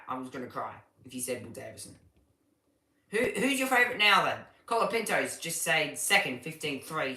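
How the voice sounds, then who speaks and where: A man giving casual live commentary on a race session, chatty and halting, often restarting sentences as he reads viewer questions. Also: on the high side, pushed and bright, echoey room. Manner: chatty and halting, with frequent restarts while reading chat.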